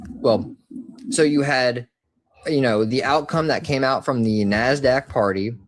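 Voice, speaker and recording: A man arguing politics with blunt, slangy interjections. His pitch is ordinary for a man, and he pushes his points hard. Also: a little slow. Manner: argumentative, slangy. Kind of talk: casual political argument.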